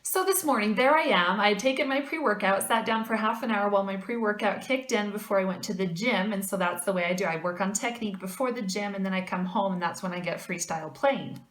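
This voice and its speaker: A woman fitness vlogger telling a personal story to her viewers in a casual, animated and emphatic way. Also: mid-range voice, fast, hardly any pauses, echoey room.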